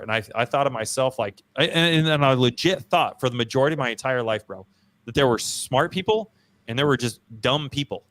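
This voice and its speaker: Here the host talks a little fast, his mid-range voice fairly bright with lively intonation. On his casual podcast he spins a story about himself, slangy and emphatic, making fun of himself and leaning on "bro" and "dude."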